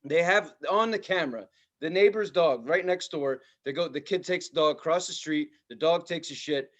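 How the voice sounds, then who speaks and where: A man co-hosting a podcast, telling stories in casual chat, swearing freely and loudly imitating the people in them. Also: fairly high pitch, normal speed. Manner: animated storyteller, mimics others loudly, swears freely. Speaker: podcast co-host.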